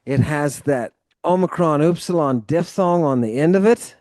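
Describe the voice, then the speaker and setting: In a live one-on-one tutoring session, a Greek teacher walks a female student through vocabulary, explaining grammar at length and encouraging her. His voice is a little high with a darkish tone at normal speed, recorded dry and clean in a studio.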